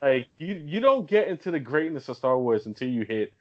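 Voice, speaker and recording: A man co-hosting a casual podcast, talking in halting bursts, stuttering over repeated words and laughing often. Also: mid-range voice, sing-song, lo-fi sound. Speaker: podcast co-host. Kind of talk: casual chat.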